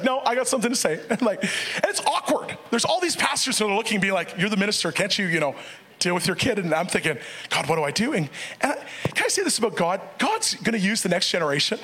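With a high-pitched, slightly rough voice, a middle-aged pastor delivers a lively sermon built around a story. He's animated, quoting the characters in a raised voice and frequently breaking into laughter.

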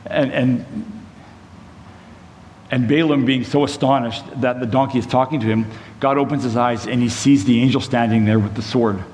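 A man's voice: medium pitch, steady tone, fairly quick, a little mellow. Guy telling a bible story at church, chatty and easy, big hall echo, bit of background noise. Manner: conversational storytelling with side notes. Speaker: preacher. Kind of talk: sermon, retelling a Bible story. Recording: long hall reverb, faint room noise.

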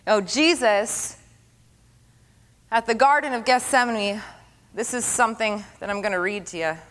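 A middle-aged woman preacher giving an earnest sermon testimony, repeating phrases for emphasis and dropping to a hush at tender moments. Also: fairly high pitch, moderate pace. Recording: long hall reverb.

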